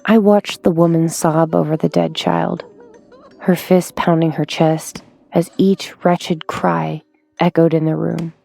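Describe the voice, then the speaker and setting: A woman narrating a horror story in a hushed, drawn-out way, sometimes dropping to a whisper. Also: low-pitched, animated, vocal fry, dry recording, soft background music. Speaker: audiobook narrator.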